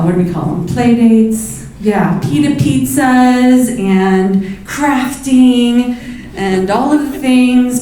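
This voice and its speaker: A woman gives a memorial tribute to her best friend, speaking slowly and hesitantly with frequent pauses. Her voice rings through a very echoey room. A faint murmur of the gathering sits behind her. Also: medium pitch, a little mellow, a little hiss or hum. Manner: chatty and hesitant, with many ums. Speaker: friend giving a eulogy. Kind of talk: memorial speech. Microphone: handheld microphone.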